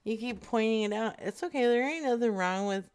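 A woman's voice: fairly high pitch, a loud crowd. A woman co-hosting a casual banter show, laughing often as she reads out listings. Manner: laughs often, slow drawl. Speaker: podcast co-host making prank calls.

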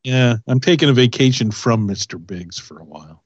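Husky, lively sarcastic man. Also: mid-range voice, fairly quick, no echo, lo-fi sound. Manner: sarcastic, mocking, deadpan jabs. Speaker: co-host of a prank call show. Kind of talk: casual crude banter.

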